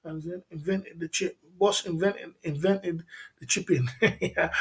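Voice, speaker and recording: Rambling male livestream host, higher voice. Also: fairly even intonation, moderate pace. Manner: rambling, repeats himself, chuckles, addresses chat viewers by name. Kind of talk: casual livestream chat.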